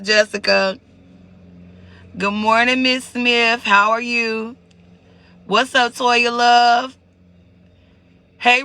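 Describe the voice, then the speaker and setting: A man's voice: sits high, sharp tone. A man hosting a live stream, talking casually and emotionally to his viewers, greeting them by name and repeating words as he searches for what to say.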